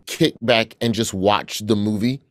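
A man from Alabama, a comedian guest, chatting in an interview with relaxed storytelling and joking asides. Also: on the low side, unhurried, no room sound, studio quality. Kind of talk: casual interview chat.

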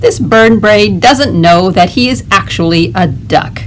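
A prim, indignant female goose from a farmyard picture book, voiced by a woman reading aloud. She scolds slowly and properly, fussing over how things should be. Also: mid-range voice, a little hiss or hum, close to an everyday voice. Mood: scolding.

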